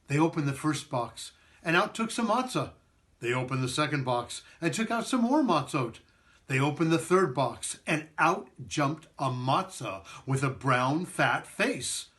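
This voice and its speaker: A man reading a children's storybook aloud with expressive, sing-song storytelling. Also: a little high. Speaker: performing arts director.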